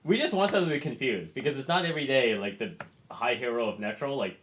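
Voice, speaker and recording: Lively man at a game table, middle pitch, casual and tripping over his words. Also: fast talker, a little hiss or hum. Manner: animated, stumbling over words. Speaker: player.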